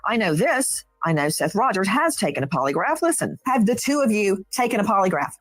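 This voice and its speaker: Crisp, direct woman interviewer. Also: medium pitch, big pitch swings, fairly quick, dry recording, faint music behind. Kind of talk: brisk broadcast interviewing.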